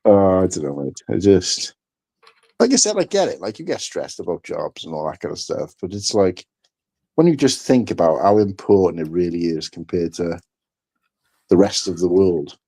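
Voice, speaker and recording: A man from the United Kingdom co-hosting a casual livestream chat, telling animated stories and swearing freely. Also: sits low, moderate pace, pauses often, husky.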